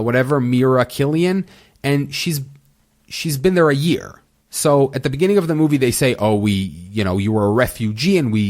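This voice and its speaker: A man hosting a solo review podcast, talking casually and rambling with frequent restarts and exasperated asides. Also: mid-range voice. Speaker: podcast host.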